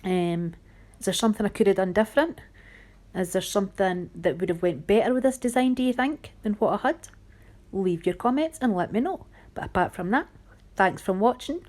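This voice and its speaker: A woman's voice: medium pitch, moderate pace, darkish tone. A woman narrating a nail art tutorial in a chatty, homely way, often critical of her own work. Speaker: nail art channel host.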